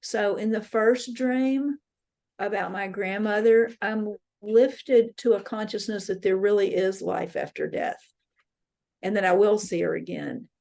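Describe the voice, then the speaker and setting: Warm and a little slow, with vocal fry, this woman's medium-pitched voice guides a dream workshop talk. Set in an interfaith center meeting room, she tells personal dream stories with earnest reflection.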